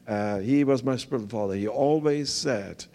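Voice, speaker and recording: An older man with a German accent, visiting as a pastor, gives an earnest sermon testimony. His English is halting and full of fillers, and his voice is medium-pitched with a darkish tone.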